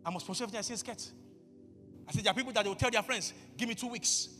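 A pastor preaching a sermon, bursting into shouts and acting out conversations with God. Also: male voice, sits high, very fast, long reverb tail, faint music behind. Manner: acts out dialogues with God.

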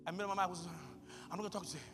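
High-voiced man preaching in a hall. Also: steady tone, very fast, soft background music. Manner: preaching with bursts of shouting; acts out dialogues with God. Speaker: pastor. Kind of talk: sermon.

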